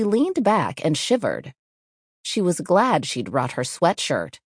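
A woman narrating a children's spooky storybook in a measured, expressive reading voice. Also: low-pitched, no room sound, clean studio sound. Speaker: audiobook narrator.

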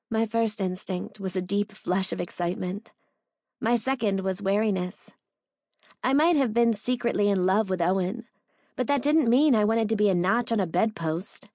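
A woman reading a first-person romance novel aloud in a measured, intimate manner. Her voice sits in the middle of the usual range. The recording is dry and close, with no room sound. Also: medium pitch, a little mellow, dry recording. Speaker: audiobook narrator.

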